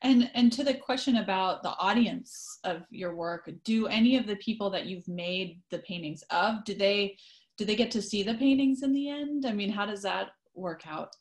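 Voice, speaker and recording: A woman moderating a lecture Q&A over a video call, asking the guest measured questions. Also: mid-range voice.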